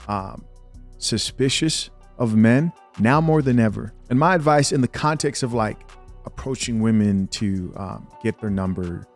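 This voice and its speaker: A man hosting a reaction commentary show, talking in a blunt, slangy and incredulous way. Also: mid-range voice. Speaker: host.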